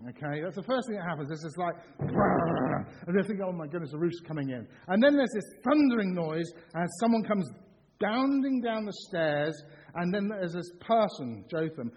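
A middle-aged man preaching a sermon in a church, animated and jokey, acting out excited shouts. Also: on the high side, a little hiss or hum. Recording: dull sound with long hall reverb.

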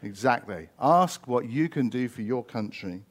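A man's voice: mid-range voice, lively intonation, a little slow. A man preaching a sermon, conversational, with rhetorical questions and frequent fillers.

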